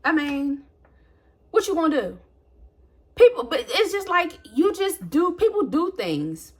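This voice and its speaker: A woman vlogger telling a story in a casual rant, exasperated and animated, acting out what she said while she preps food. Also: high voice, unhurried. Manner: animated, exasperated retelling with acted-out quotes; talks while prepping food.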